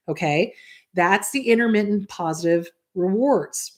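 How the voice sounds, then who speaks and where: A woman's voice: medium pitch, unhurried. Blunt, emphatic woman therapist host. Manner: emphatic, blunt, repeats rhetorical questions to the audience; acts out quoted voices in passing. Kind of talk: casual advice talk to viewers.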